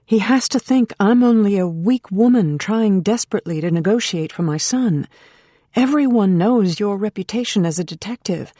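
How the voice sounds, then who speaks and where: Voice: medium pitch, lively intonation, moderate pace, no echo, voice pushed up, natural voice. Audiobook role: strained, defiant woman, voiced by the narrator, dry studio sound. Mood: tense. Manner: tense, bitter, forceful. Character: determined mother under strain, adult woman. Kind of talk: audiobook character reading.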